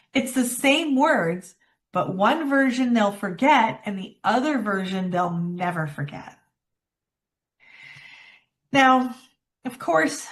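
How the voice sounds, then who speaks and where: Slow, expressive woman speaking coach. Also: medium pitch. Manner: expressive, demonstrates phrases with dramatic pauses. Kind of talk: workshop presentation.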